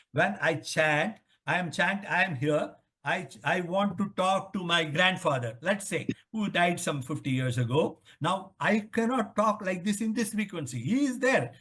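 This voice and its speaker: Older indian guy, high voice, rambling lecture-style answers, keeps asking himself questions. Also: fairly bright tone, breathy edge. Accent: Indian English. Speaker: author interviewed on the Vedas. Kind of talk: explanatory conversational interview.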